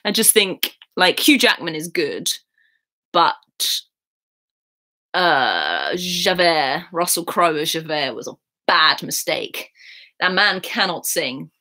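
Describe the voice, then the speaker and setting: A woman's voice: deep voice, very animated, slow, pushed and bright. A young English woman chatting casually on a live stream at home, reading out and answering viewers' questions with easy laughs. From England. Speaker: YouTuber answering chat questions. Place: at home in bed.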